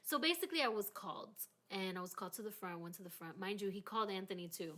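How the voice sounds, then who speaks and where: Woman hosting a faith podcast, animated. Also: mid-range voice, quick pace. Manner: animated, emotional storytelling. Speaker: podcast host. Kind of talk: faith-focused casual chat.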